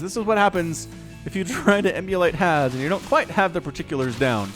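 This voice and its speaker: An American man giving excitable, chatty solo commentary on a strategy game, often talking straight to the players. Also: fairly high pitch, quick pace, faint music behind. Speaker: esports caster.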